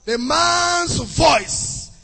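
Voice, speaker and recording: A man's voice: very high voice, expressive, very slow, creaky, pushed and bright. A man preaching a sermon, emphatic and sing-song, repeating key phrases. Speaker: pastor. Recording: long hall reverb with faint music.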